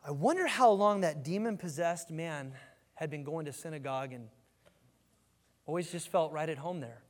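A man preaching a sermon as pastor, animated, often restarting his phrases as he builds a point. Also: fairly high pitch, normal speed, long reverb tail.

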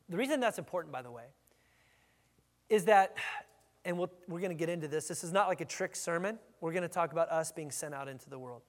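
A male pastor with a high, bright-edged voice delivers an energetic, emphatic sermon, doubling back on his words as he goes. His voice rings with the long echo of a big church sanctuary. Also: fast. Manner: energetic, emphatic preaching with frequent restarts.

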